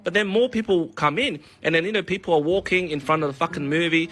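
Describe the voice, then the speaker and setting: A man rants comedically in a bright, forceful voice, swearing freely as he spins out a long analogy. His pitch sits a little high for a man. Faint music plays behind him. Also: fast talker. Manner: profane, animated storytelling. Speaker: vlogger. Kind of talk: comedic rant with an extended analogy.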